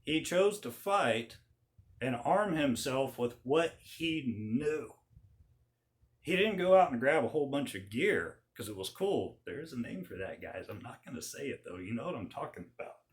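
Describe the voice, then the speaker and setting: A man hosting his channel, telling an old story in a folksy, animated way. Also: mid-range voice, normal speed. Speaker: channel host. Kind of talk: casual storytelling.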